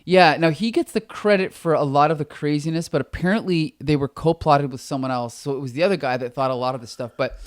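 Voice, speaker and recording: A man co-hosting a comic book podcast in casual chat, talking with a lozenge in his mouth and getting animated as he retells scenes. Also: a little high, fast talker, few pauses. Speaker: podcast co-host.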